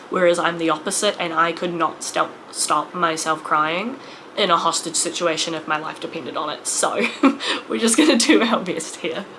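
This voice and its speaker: A woman's voice: fairly low pitch, sharp tone, a little hiss or hum, low-quality recording. A woman in her late twenties talking to camera in a personal vlog, emotional and rambling, full of fillers and restarts. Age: 20s. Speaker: vlogger.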